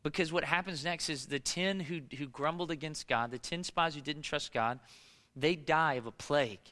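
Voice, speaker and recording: Man, pastor, sermon, very bright voice, slightly high, conversational, rhetorical questions. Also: moderate pace, long reverb tail. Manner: animated and conversational, casual fillers and rhetorical questions.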